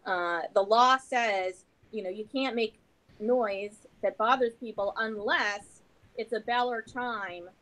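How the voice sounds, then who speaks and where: A woman's voice: a little high, slow, fairly bright tone, rough recording. A woman guest on a podcast interview who talks in a chatty, rambling way with many fillers. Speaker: podcast guest and comedy show host. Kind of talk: casual interview chat.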